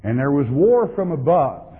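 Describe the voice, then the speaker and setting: This pastor's husky voice sits on the high side, swinging widely in pitch at a normal speed. He preaches emphatically, repeating words for stress, captured with tinny lo-fi sound in a reverberant hall.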